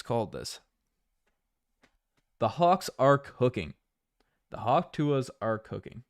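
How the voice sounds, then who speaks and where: A man's voice: mid-range voice, sing-song, slow, pauses often, no room sound, studio quality. A man from Newfoundland hosting a basketball livestream in casual chat, rambling and jokey, often repeating his own phrases. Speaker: basketball channel host.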